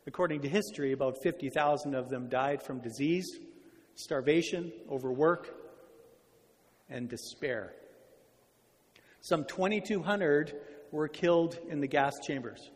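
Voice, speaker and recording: An earnest male preacher telling a story in sermon, slowing on words he wants to land. His voice is a touch high-pitched. A long hall reverb trails each phrase. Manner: earnest, slows down for emphasis.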